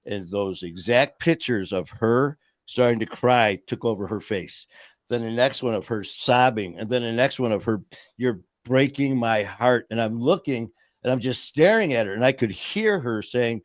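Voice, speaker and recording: A man's voice: mid-range voice, animated, moderate pace, dry recording, studio quality. A man in casual podcast talk, earnestly telling a personal story.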